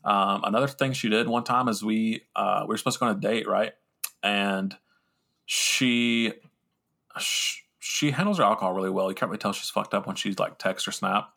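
A man's voice: on the low side, normal speed, gravelly, pushed and bright. A young man hosting a podcast, telling a rambling, profane, self-mocking story in casual talk. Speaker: podcast host.

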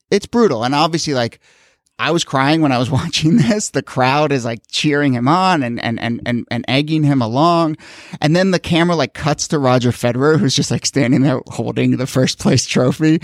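An earnest man co-hosting a podcast and talking through his opinion with feeling. His voice sits at an ordinary middle pitch, recorded close and dry with no room sound. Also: dry recording. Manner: earnest, animated, emotional. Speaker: podcast co-host. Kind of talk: casual podcast commentary.

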